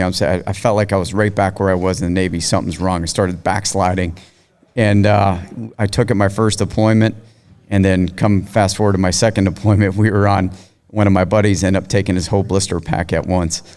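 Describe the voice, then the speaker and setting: A middle-aged man speaks in a very low voice, recounting events steadily and matter-of-factly as a podcast guest. The talk is casual and conversational. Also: fairly even intonation, fairly quick, darkish tone, clear, resonant tone. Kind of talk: casual interview chat.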